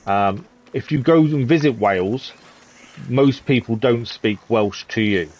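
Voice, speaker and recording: A man's voice: mid-range voice, measured pace. Chatty man streaming a game. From East of England. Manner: chatty, relaxed, thinks aloud with ums. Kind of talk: casual gameplay commentary.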